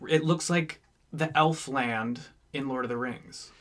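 A man's voice: mid-range voice, a little slow, fairly bright tone. A man co-hosting a podcast in casual chat, playful and fond of puns and silly voices. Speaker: podcast co-host.

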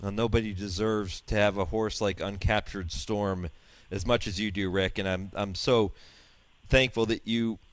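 A man's voice: fairly low pitch, steady tone, moderate pace, no room sound. A man hosting a radio interview, sincere and appreciative in his questions. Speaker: radio show host.

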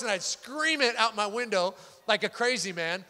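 A loud, excitable man preaching a sermon as a pastor, animated and full of quick restarts. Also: sits high. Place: church sanctuary. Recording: long hall reverb.

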